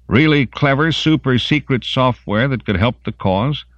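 A man's voice: mid-range voice, moderate pace, fairly bright tone, no echo, dull audio, pitched above the performer's own voice, natural voice. A man voicing a relentless male interrogator who presses with needling questions.

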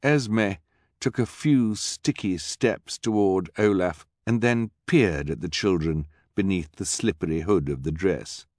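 A man narrating a storybook in a dry, wry, lively manner. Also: sits low, unhurried, dry recording. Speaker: audiobook narrator. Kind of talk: scripted narration. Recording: dry, close studio mic.

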